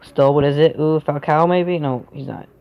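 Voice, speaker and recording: Excitable young man opening game packs. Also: normal speed, gravelly, muffled recording, slight background noise. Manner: shifts from mumbling to loud, high-pitched yelling. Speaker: gaming YouTuber. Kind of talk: excited pack-opening commentary.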